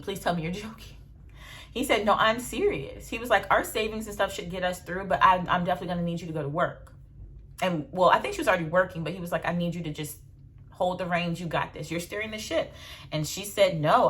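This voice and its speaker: A young adult woman, telling stories in a blunt, animated casual vlog with slang and swearing. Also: lowish voice, fairly quick. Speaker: vlogger.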